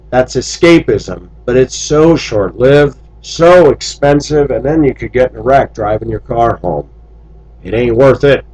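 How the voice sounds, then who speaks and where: A man's voice: medium pitch, a little mellow, slightly rough, rough recording. A man from the United States giving a blunt, opinionated monologue to his viewers in a preachy tone. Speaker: vlogger.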